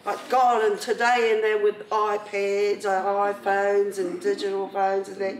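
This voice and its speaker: Indoors in a marae meeting hall, a middle-aged woman with a New Zealand accent tells the gathering about her own life, lively, talkative, and quick to laugh. She speaks at a measured pace in a mid-range voice. Slight background noise, echo, and distance from the mic mark the recording.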